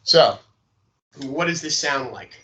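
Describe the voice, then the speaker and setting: A male sales trainer lecturing a class, his voice bright and clear. He checks in with "okay?" again and again and acts out inflections as he explains. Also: medium pitch, lively intonation, slow pace, poor audio. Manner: frequent "okay?" check-ins, demonstrative inflections.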